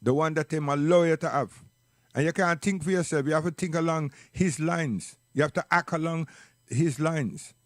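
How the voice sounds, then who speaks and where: A man's voice: a little high, normal speed, no room sound, studio quality. A man with a Jamaican accent giving an impassioned, preachy spoken monologue, hammering his points with repeated questions. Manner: preachy, emphatic, repeats "you understand?".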